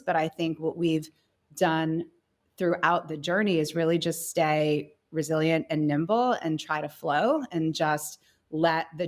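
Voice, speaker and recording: A woman in her thirties, a company co-founder, talking through her career in a relaxed podcast interview, reflective and full of fillers. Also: low voice. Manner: reflective, many fillers like "you know" and "kind of". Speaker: guest, company co-founder and CEO.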